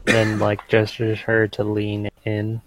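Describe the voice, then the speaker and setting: A man taking part as a player in a tabletop role-playing game, talking slowly and hesitantly. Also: on the low side, completely flat delivery, a little hiss or hum, poor audio.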